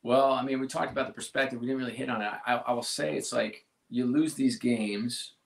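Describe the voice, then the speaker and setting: A man being interviewed as a sports executive, speaking earnestly and haltingly with many restarts. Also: medium pitch, fairly even intonation, vocal fry. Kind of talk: casual interview talk. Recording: roomy echo.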